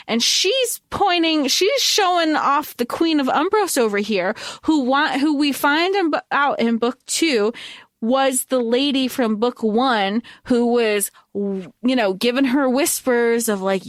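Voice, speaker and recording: A woman's voice: high voice, slow, no echo, studio quality. A woman co-hosting a podcast, recapping a fantasy novel in casual chat and acting out the characters' lines. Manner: animated, acts out character lines, swears. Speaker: podcast co-host.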